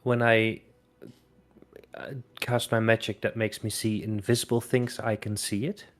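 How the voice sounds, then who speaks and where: Lower-voiced man questioning in character. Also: flat delivery, measured pace. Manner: inquisitive, direct. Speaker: player. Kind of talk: in-character tabletop play.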